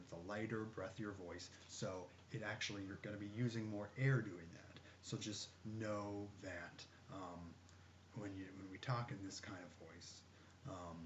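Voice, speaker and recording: A man working as a voice therapist, calmly explaining a session with many fillers. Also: lowish voice. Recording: dull lo-fi with faint noise.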